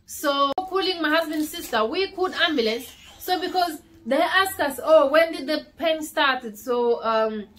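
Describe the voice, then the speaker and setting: A young woman vlogger telling a personal story at home, casual and animated, repeating words for emphasis. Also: sits high, a little slow, few pauses, a little hiss or hum.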